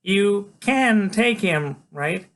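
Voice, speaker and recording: A man voicing an excitable, brainy small teenage boy who shouts in a high voice. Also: drawn-out words, full character voice. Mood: giddy.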